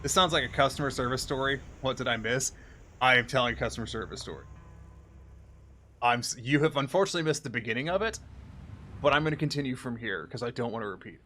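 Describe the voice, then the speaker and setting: A man livestreaming, telling an exasperated, profane work story in a casual, animated way. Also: mid-range voice, fast, a little hiss or hum. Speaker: streamer. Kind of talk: casual storytelling on a live stream. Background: faint game music.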